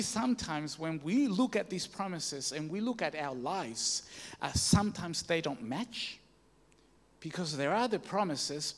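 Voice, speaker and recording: A man's voice: on the high side, fairly bright tone. A man giving a sermon, telling a story with many fillers and restarts and rising emphatic peaks, in a church hall. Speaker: preacher.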